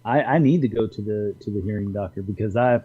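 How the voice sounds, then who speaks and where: Older Texan male co-host, warm and mellow, muffled remote sound. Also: fairly low pitch, quick pace, breathy edge. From Texas. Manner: easygoing, laughs easily. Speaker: podcast co-host. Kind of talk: casual live-stream chat.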